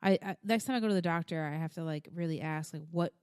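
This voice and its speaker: A woman's voice: on the low side, fast talker, a little mellow, clean tone, no room sound, clean studio sound. A woman in her thirties co-hosting a podcast, chatting casually in a frank, rambling way, swearing freely. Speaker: podcast co-host. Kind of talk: casual chat.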